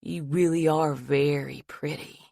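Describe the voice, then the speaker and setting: A man's voice: a little high, steady tone, a little slow, creaky, a little mellow, no room sound, studio quality. A woman voicing a threatening hooded male attacker in an audiobook, cold and creepy as he makes his threats.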